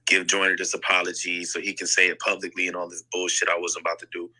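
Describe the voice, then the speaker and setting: A deep-voiced man tells a story in a casual voice chat. His voice sounds husky yet very bright. He talks bluntly and swears a lot, with fillers everywhere. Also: completely flat delivery, fast talker, poor audio. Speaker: guest rapper telling a story. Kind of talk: casual chat in an audio chat room. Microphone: phone mic in an online audio room.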